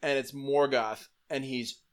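A man casually retelling an epic fantasy battle, animated, swearing freely and acting out quotes. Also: mid-range voice, a little slow.

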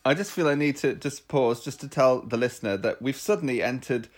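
A man's voice: mid-range voice, a little fast, slight background noise. A man from Northumberland, England, co-hosting a podcast in casual chat. He is wry and playful and laughs often. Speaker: podcast co-host. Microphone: headphones and mic, podcast.

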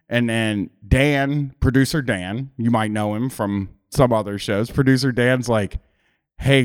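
Rambling, profane male podcast host. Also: medium pitch. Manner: rambling, frequent restarts and swearing. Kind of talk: casual podcast chat.

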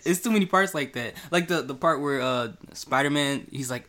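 A speaker in casual chat who is excitable, quick to laugh, and uses lots of filler words. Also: medium pitch.

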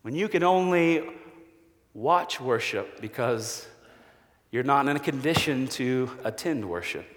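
A man preaching a sermon as a pastor, measured and slow with long pauses, falling to a hushed voice for quoted promises. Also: mid-range voice, lively intonation. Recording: long hall reverb.

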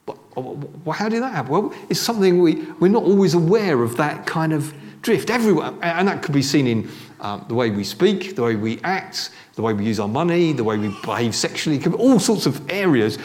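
A man's voice: a little high, sing-song, brisk, a little mellow. A middle-aged man giving a sermon in a church, talking conversationally with restarts and asides. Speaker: preacher.

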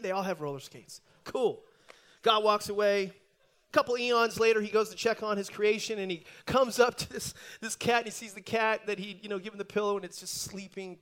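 High-voiced male pastor, lively joking sermon delivery, frequent restarts. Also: brisk. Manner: animated storyteller with frequent repeated restarts. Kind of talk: sermon with a humorous story.

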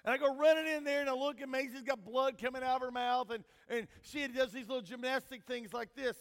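A high-pitched older man preaches in a church sanctuary. His voice rings with a long hall reverb as he moves from loud emphatic calls to hushed asides. He mixes scripture reading with homespun family stories. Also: steady tone, brisk. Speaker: pastor. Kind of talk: sermon.

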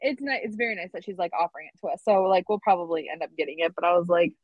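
A woman's voice: fairly low pitch, racing, no room sound, muffled recording. A woman co-hosting a podcast, telling a story in casual chat with lots of fillers. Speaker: podcast co-host.

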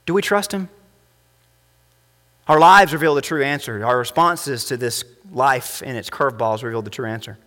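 A male pastor preaching a sermon and leading a prayer, impassioned, rising to emphatic peaks and dropping soft. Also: medium pitch, moderate pace. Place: church sanctuary. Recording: long reverb of a church hall.

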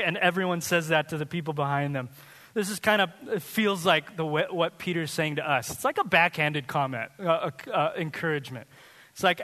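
A man preaching a sermon, loose and conversational, often breaking into laughter. His voice is high and bright, and it rings through a large hall with a long echo. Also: lively intonation. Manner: conversational and joking, with quick laughs. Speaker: pastor. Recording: reverberant hall.

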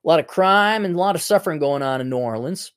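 A man's voice: a little high, animated, fast talker, fairly bright tone, clear, resonant tone. A man doing a blunt federal agent. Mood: stern. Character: stern male federal agent recruiting a man.

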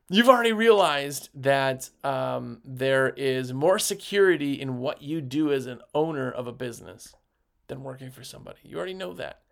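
A man's voice: medium pitch, animated, normal speed, vocal fry. A man talking on a podcast as a sales rep, giving a passionate pep talk that rambles with fillers and restarts. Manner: gets worked up, passionate. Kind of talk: energetic motivational podcast talk.

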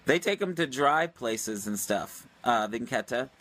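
A man hosting a livestream, telling a story casually in a rambling, animated way with many fillers and restarts. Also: mid-range voice, measured pace. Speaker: livestream host.

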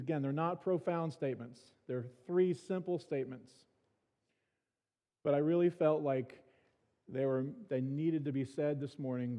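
Conversational pastor in a reverberant church. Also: male voice, fairly high pitch. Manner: conversational, dry self-mocking humor, repeats words. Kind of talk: sermon. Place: church sanctuary. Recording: reverberant church hall, dull sound.

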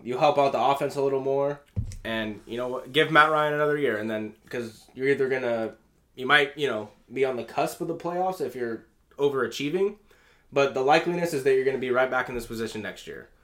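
A man co-hosting a casual sports podcast, measured and agreeable, giving his picks calmly. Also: medium pitch. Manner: measured, agreeable, short replies. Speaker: podcast co-host.

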